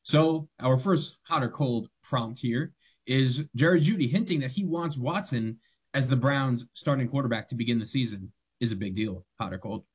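A male radio producer sets up a debate topic in a measured, informative way. His voice is mid-pitched with a husky edge. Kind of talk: reading a segment prompt.

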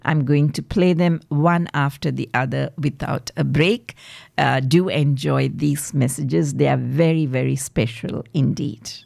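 A woman's voice: very deep voice, steady tone, measured pace, gravelly, a little mellow, no room sound, studio quality. A woman hosting a community radio program, cheerful and smiling as she introduces messages, with a few ums. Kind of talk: warm on-air introduction.

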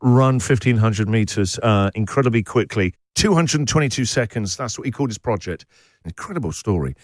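A man's voice: fairly low pitch, expressive, brisk, no room sound, clean studio sound. A man hosting a radio breakfast show, reading out listener messages and teasing his co-hosts with a laugh. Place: radio studio.

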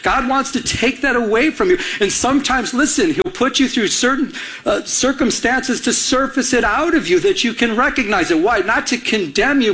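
Guy preaching w/ a high voice, animated storyteller, acts out the back-and-forth. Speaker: pastor. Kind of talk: sermon with personal story.

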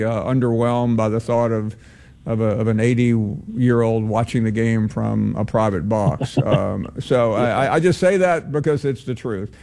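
A man hosting a call-in sports radio show, speaking in a relaxed way with many pauses. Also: mid-range voice, vocal fry. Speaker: radio sports talk host.

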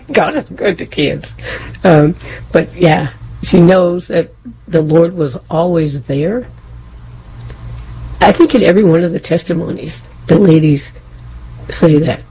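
A woman's voice: fairly low pitch, slow, pauses often, a little hiss or hum. A woman co-hosting a casual faith chat, telling a personal story with animation and acting out what people said. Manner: animated, acts out quotes, laughs often. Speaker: co-host.

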